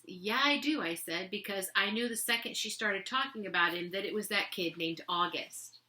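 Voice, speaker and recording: A woman's voice: medium pitch, moderate pace, hardly any pauses, bright, forceful tone. A woman reading a children's novel aloud to listeners, with casual, chatty asides between passages.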